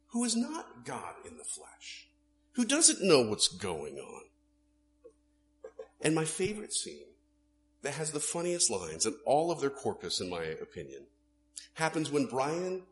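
A male pastor delivers a sermon with an animated voice that rises and falls widely in pitch. He presses key points loudly, then drops into quiet asides. A faint hum sits under the recording. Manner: animated, swinging between loud emphasis and hushed asides.

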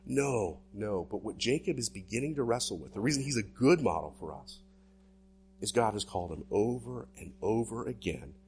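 A male pastor delivering a sermon in an animated preaching style with sweeping swings in pitch. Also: normal speed, a little hiss or hum.

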